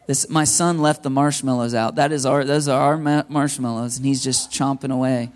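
Pastor in his thirties, male, casual storytelling sermon, chatty, mid-pitched, talks to the room. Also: fairly even intonation, normal speed. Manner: casual, chatty, asks the audience questions. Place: church hall before a congregation.

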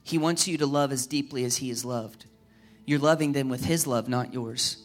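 A man preaching a sermon as a pastor, lively and humorous, driving his points home with repeated rhetorical questions. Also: mid-range voice, normal speed, faint music behind.

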